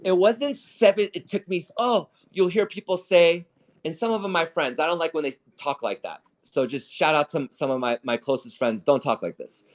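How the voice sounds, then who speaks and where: A man's voice: on the high side, moderate pace. A man hosting a casual live trading talk, blunt and profane, who often repeats and restarts his words. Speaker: stock trading host. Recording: dull lo-fi audio.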